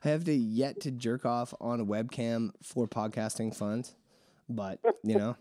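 A man hosts a relaxed podcast chat with a mellow, dark tone. He talks frankly and crudely and laughs often. The sound is dry and close. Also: medium pitch, measured pace, no echo. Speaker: podcast host. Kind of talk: casual chat.

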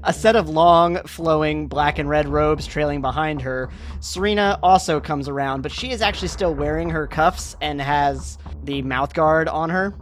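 A man's voice: fairly high pitch, normal speed, a little hiss or hum. A man narrating a tabletop game as game master, describing the scene loosely with plenty of "like" and "kinda".

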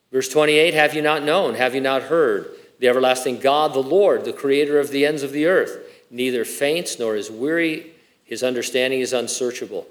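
A man gives a sermon as a pastor, moving between scripture readings and plain, conversational commentary. His voice sits at an ordinary middle pitch, and he slips in light joking asides as he preaches.

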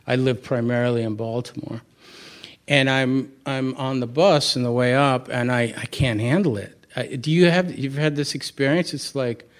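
Candid man giving a Buddhist talk. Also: mid-range voice. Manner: candid, storytelling, self-deprecating, conversational with frequent restarts. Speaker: Buddhist teacher. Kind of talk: dharma talk to a live audience.

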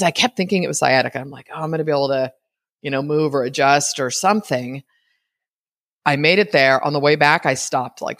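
A woman's voice: rumbling low, gravelly, fairly bright tone, dry recording, studio quality. A woman hosting a podcast, chatting casually and rambling as she retells a story and acts out what people said. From United States. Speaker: podcast host.

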